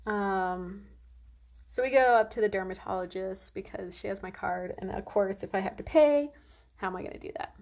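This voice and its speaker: A woman's voice: medium pitch, normal speed, darkish tone. A young woman vlogger telling a long personal story in a casual, rambling way, full of fillers and "like".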